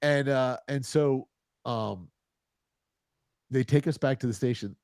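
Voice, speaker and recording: A man in his fifties casually telling a rambling, animated anecdote, often chuckling as he goes. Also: mid-range voice, slow, no echo, studio quality. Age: 50s. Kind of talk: casual storytelling.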